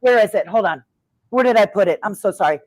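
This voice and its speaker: A middle-aged woman who used to wrestle chats in a casual interview, talking fast at a medium pitch on a dry recording. She's a talkative, expressive storyteller who acts out the voices of people in her stories.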